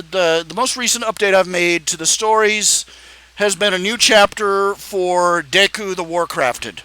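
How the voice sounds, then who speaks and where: A man's voice: sits high, sharp tone, clear, resonant tone, no room sound. A man chatting on a live stream as a comic artist, rambling and joking in a made-up accent. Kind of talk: casual live-stream chat.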